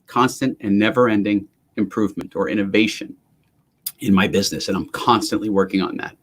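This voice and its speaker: Man, low voice, emphatic, ranting, motivational livestream host. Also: a little fast, husky. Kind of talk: motivational live stream talk. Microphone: webcam or computer mic on a live stream.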